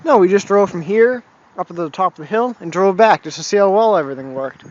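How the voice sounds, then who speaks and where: A man's voice: sits high, fast talker, darkish tone. A young man from Massachusetts vlogging casually, rambling and swearing as he chuckles over his run-ins with the cops. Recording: dull lo-fi home video audio with faint noise.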